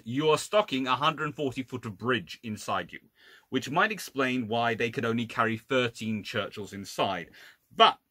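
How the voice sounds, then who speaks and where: Male historian lecturing casually, lively swooping pitch, wry exasperated asides, restarts. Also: no echo. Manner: restarts and self-corrections. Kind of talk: informal illustrated lecture.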